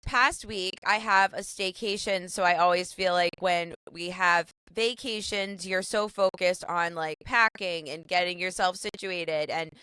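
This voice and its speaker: A woman in her thirties co-hosting a podcast, chatting casually and telling stories in a giggly, animated way. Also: fairly low pitch, measured pace, hardly any pauses, clear, resonant tone, no room sound, poor audio. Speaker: podcast co-host; mother. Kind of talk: casual chat.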